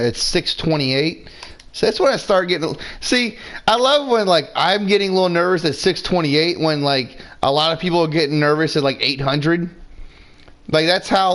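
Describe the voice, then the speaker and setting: A man's voice: on the high side, a bit bright. Rambling, profane man mid-game. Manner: rambling, profane, laid-back. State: drinking beer, several drinks in. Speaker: gamer streaming his play. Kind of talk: casual gameplay commentary.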